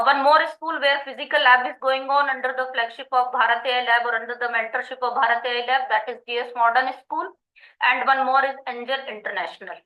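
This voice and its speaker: A high-pitched middle-aged woman with an Indian accent speaks as a school principal at a conference. She talks earnestly but haltingly and often pauses on fillers. The sound is echoey and slightly muffled. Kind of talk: conference panel talk.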